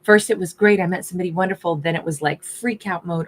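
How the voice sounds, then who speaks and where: Woman chatting through a tarot spread, low-ish husky voice, musing and chatty. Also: fast talker, few pauses. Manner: musing, chatty, voices the subject's inner thoughts. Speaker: tarot reader. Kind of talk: casual tarot reading monologue.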